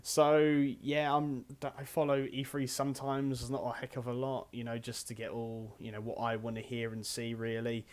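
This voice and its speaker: Male podcast host, young, chatty and rambling, average pitch. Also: level tone, moderate pace, hardly any pauses, darkish tone, clean tone. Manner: upbeat, rambling with fillers. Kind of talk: casual podcast chat.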